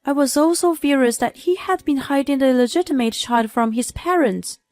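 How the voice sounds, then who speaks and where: A young woman narrating a scripted first-person story in a steady, even reading voice. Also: high voice, brisk, faint music behind.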